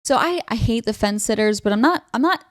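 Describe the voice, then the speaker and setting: A woman's voice: a little high, expressive, brisk, no room sound, studio quality. A woman hosting casual political commentary, blunt and sarcastic, chatting about posts she reads out. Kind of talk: casual commentary reading tweets.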